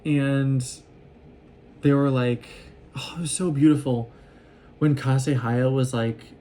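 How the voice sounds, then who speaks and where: A man talks through a show he loves, gushing and rambling as he acts out the characters' lines. His voice is mellow and relaxed, pitched in an ordinary middle range, with a faint hum of noise behind him. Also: takes it slowly. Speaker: vlogger recapping an anime. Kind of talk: casual rambling recap.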